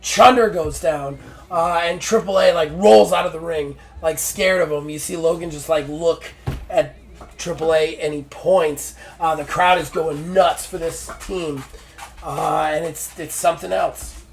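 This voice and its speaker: A man narrating a solo wrestling tabletop game on stream with excited play-by-play and lots of fillers. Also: on the high side, unhurried, gravelly.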